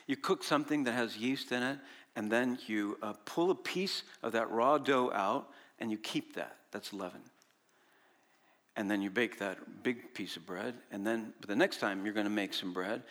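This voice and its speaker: A man preaching a sermon, animated, swinging from loud exclamations to quiet explanations and acting out the disciples' voices. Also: medium pitch. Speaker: pastor.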